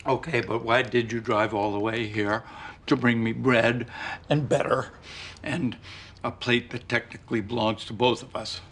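A wry, teasing ex-husband. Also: male voice, medium pitch, fairly even intonation, moderate pace, a bit bright, husky.

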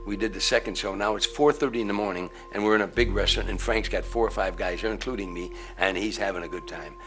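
A man with a lowish voice rattles off an anecdote at a quick clip, brisk and lively. Music plays beneath him throughout. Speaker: interviewee. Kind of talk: anecdote telling.

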